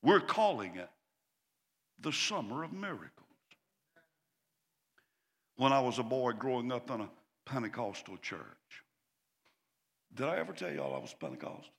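A man preaching a sermon as pastor, impassioned and building to loud cries. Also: medium pitch, sing-song, moderate pace, long pauses. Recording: long hall reverb.

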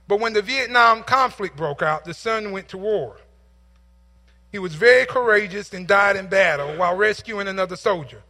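A male pastor preaching a sermon through a told story, rising into emphatic, repeated calls. His voice is unusually high for a man and very bright and ringing in tone. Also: long reverb tail.

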